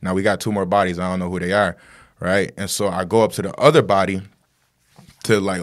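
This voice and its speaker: A man's voice: sits low, fairly even intonation, brisk. A man talking as a guest, telling a story in a rambling casual way with lots of fillers and tag questions.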